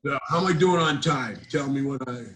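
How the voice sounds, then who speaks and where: Older man telling deadpan stand-up jokes. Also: mid-range voice, a little fast, rough recording. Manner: deadpan storyteller with self-deprecating asides. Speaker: comedian. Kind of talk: stand-up set over a video call. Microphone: video call.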